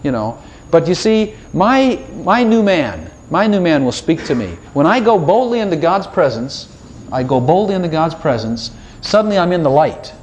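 A man preaching an informal sermon, chatty and animated, with playful asides and little laughs, acting out his own prayers to God as quoted dialogue. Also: on the high side, moderate pace, a little hiss or hum.

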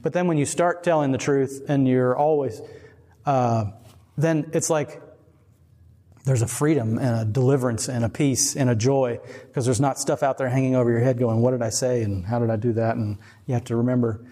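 A man's voice: mid-range voice, steady tone, normal speed, dark tone. A male pastor with an ordinary mid-range voice gives a loose, chatty sermon. He wanders off on tangents and chuckles along the way. His voice carries the long reverb of a big hall. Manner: rambling, digressive, chuckling asides. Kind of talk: casual conversational sermon.

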